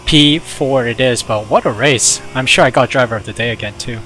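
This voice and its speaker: A man's voice: medium pitch, fairly quick, a little hiss or hum. Chatty young man commenting on gameplay. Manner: chatty, excitable reactions. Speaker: gaming YouTuber.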